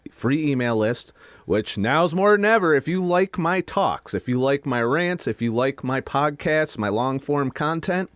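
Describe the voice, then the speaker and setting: A middle-aged man venting a frustrated, profane rant to his viewers, halting and restarting as he talks. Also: medium pitch, no echo, clean studio sound. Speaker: video creator. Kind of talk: frustrated personal rant to camera.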